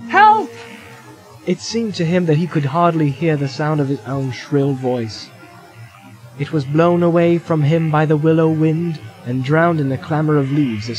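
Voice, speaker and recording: A man's voice: on the high side, rough recording. Dramatic male audiobook narrator. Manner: measured, vivid storytelling. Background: music score.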